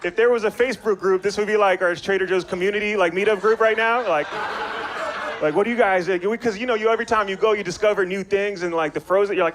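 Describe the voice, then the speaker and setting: A young man from Maryland, USA, does stand-up in a small bar, bantering with the crowd in loose, slangy talk. His voice is high and quick, and the live recording carries noticeable background noise.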